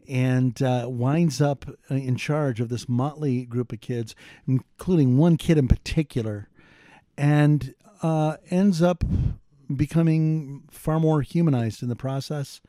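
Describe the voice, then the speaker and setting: A middle-aged man chats about a film in a loose, wandering way, full of fillers and restarts. His voice is dark and mellow, and the recording is dry and close. He sounds like one half of an easygoing podcast. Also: mid-range voice, no room sound. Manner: rambling, many fillers and restarts. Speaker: podcast co-host. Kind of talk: casual film discussion.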